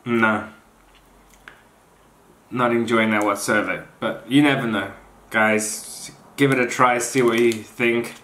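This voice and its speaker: A man's voice: medium pitch, steady tone, takes it slowly, long pauses, a bit bright. A man doing a casual taste-test review as a fitness vlogger, blunt and unimpressed, talking through mouthfuls. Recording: roomy echoey room.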